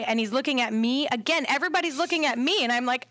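A woman with a fairly high voice tells a story to podcast hosts. She talks casually and with a lot of energy, acting out the lines of the people in it. The close studio mic sounds dry. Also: fast, few pauses, dry recording. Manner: animated, acts out quotes with laughs. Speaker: doula, podcast guest.

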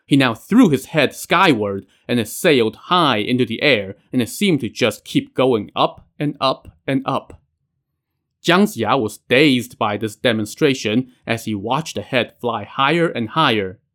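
A man's voice: mid-range voice, lively intonation, unhurried, fairly bright tone. Man telling a story with casual asides. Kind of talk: storytelling narration.

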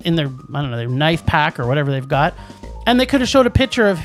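A young adult co-host in a casual movie review chat, talking in an animated, ranting way with quick restarts. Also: mid-range voice, soft background music. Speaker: podcast co-host.

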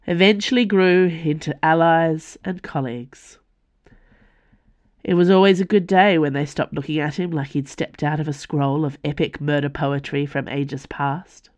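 A woman, the author, reading her own fantasy novel aloud for a podcast in a measured storytelling voice. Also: sits low, no echo. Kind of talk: audiobook fantasy narration.

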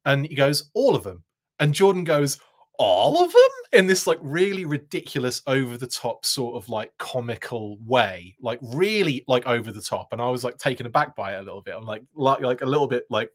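A man's voice: mid-range voice, brisk. A man hosting a live show, telling a long, rambling anecdote with frequent laughs and restarts. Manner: rambling, animated, laughing often, many restarts. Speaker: host. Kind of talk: casual storytelling on a live show.

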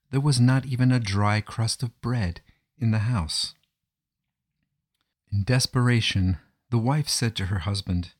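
A man narrating a traditional folk tale in a measured, gentle way. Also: fairly low pitch. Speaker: storyteller. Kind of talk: storybook narration.

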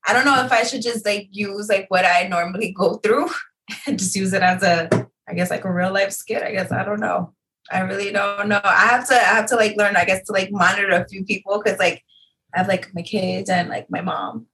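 A woman's voice: mid-range voice, fairly even intonation, a little fast, fairly bright tone, low-quality recording. A woman in her thirties, chatting hesitantly as a guest, often trailing off with fillers. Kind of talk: casual chat. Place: home studio booth.

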